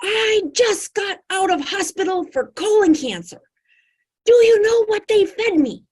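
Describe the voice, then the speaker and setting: A woman putting on a shrill, excitable woman. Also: unhurried. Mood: excited. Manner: shrill, exclaiming, high-pitched. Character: loud, excitable, larger-than-life woman patient.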